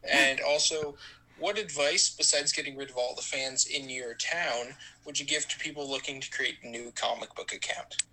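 A man's voice: mid-range voice, fairly even intonation, normal speed, pushed and bright, poor audio. A man leaving a friendly, upbeat voice message for a podcast as a listener. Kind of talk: recorded voice message.

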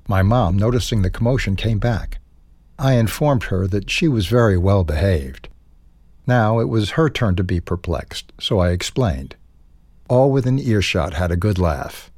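Male reader for an audio newsletter, lower voice, slightly husky, dry close sound, steady and measured. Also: dry recording. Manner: measured, unhurried reading. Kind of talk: reading a newsletter aloud.

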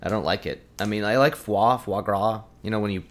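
A man's voice: lowish voice, fairly quick. A man chatting on a podcast in a laid-back, rambling way, laughing easily and saying "like" a lot. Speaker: podcast co-host and guest. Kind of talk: casual chat.

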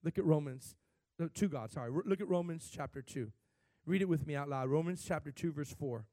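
A man preaching a sermon as pastor, talking animatedly, with sudden swells in pitch and loudness. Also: fairly quick, dry recording.

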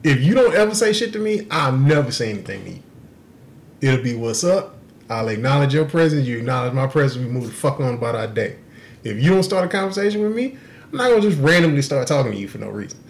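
Animated, profane man telling a story. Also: medium pitch, quick pace. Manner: animated, profane, laughs through the punchlines. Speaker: podcast co-host. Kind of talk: casual storytelling.

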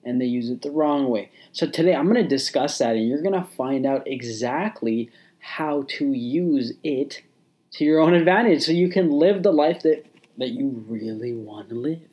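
A man's voice: medium pitch, lively intonation, moderate pace, mellow. A man delivers a motivational podcast monologue straight to the listener. His talk is casual and repetitive, and he often restarts his sentences and leans on fillers. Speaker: podcast host.

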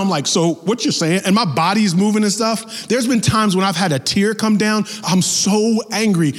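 A man preaching a sermon as pastor, talking in a lively, conversational way with acted-out asides. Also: high-pitched, in a large hall.

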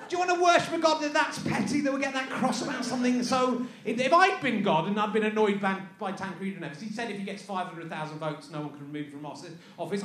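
A man's voice: very high-pitched, noisy background. A male stand-up comedian performing live, sarcastic and incredulous, teasing the audience as he reads out a list. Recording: echoey venue with audience laughter.

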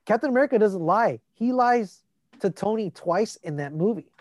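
Casual chatter, lively retelling, swears, dry close sound. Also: medium pitch, moderate pace, no room sound. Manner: animated storyteller, swearing. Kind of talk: casual chat about a movie.

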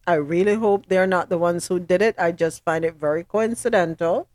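A woman's voice: lowish voice, normal speed, a little mellow, no room sound. A woman hosting a news recap show, reading headlines and then commenting in a chatty way. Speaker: host.

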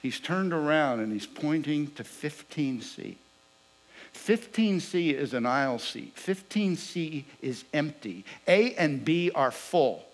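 A man preaching a sermon, telling a personal story with lively swings between loud bursts and hushed asides. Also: a little high, rough recording.

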